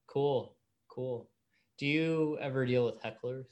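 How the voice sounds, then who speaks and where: A man's voice: mid-range voice, takes it slowly, darkish tone, highs cut off. A man hosting a casual interview podcast, giving short, encouraging replies and laughing easily. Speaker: podcast host.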